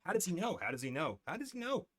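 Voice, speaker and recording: A man's voice: high-pitched, very animated, quick pace, a bit bright, voice pushed up, full character voice. A man voicing a chorus of small forest creatures who hiss and chatter in repetitive whispers. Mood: excited chatter.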